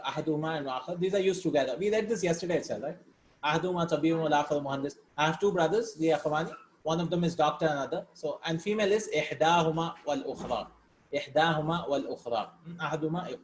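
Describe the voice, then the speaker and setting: A man teaching an Arabic lesson, reading Arabic words and sentences, explaining them step by step in English and checking in with "right?". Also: fairly high pitch. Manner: explains step by step, asks "right?" between points. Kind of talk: recorded language lesson. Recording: echoey room with faint background hiss.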